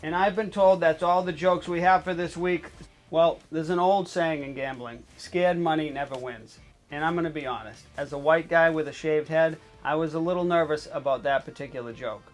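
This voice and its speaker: A male host of a comedy betting show talks through his picks. His voice sits a little high, and his deadpan delivery breaks into excited coughing fits. Faint music plays behind him. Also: moderate pace.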